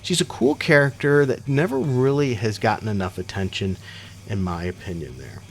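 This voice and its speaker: Gravelly middle-aged man reviewing comics. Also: on the low side, normal speed. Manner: opinionated, rambling, self-deprecating asides. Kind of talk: casual comic review monologue.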